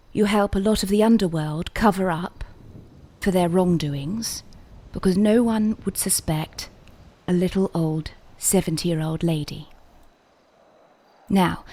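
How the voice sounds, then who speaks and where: A woman's voice: on the low side, mellow. A woman playing a theatrical voice coach in a game role-play, speaking in a poised, lecturing manner. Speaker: voice coach character.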